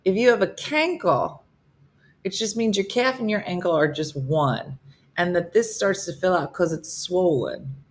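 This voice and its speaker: A woman in her fifties hosts a relaxed live morning stream, answering viewers by name. Her voice sits low, and she keeps it chatty and joking. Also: unhurried. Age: 50s. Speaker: host of a live morning show. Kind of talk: casual live-stream chat reading comments.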